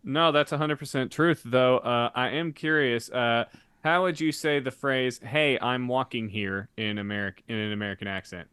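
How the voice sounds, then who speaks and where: Male co-host with a smooth tone, dry and close-miked, deadpan jokes. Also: medium pitch, moderate pace, dry recording. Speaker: podcast co-host. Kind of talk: playful improvised podcast banter.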